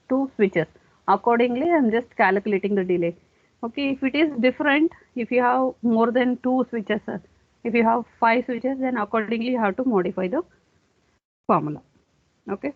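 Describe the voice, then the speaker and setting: A woman's voice: a little high, no room sound. Tinny-sounding woman lecturing step by step. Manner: explains step by step, often saying okay. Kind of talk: classroom lecture. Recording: dry, tinny phone-like sound.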